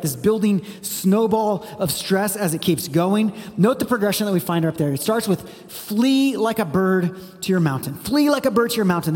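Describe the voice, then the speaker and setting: A man's voice: high voice, darkish tone. Guy in his 40s preaching casually, asks the crowd lots of questions, church sanctuary echo. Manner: conversational preaching, rhetorical questions. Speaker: pastor. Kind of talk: sermon.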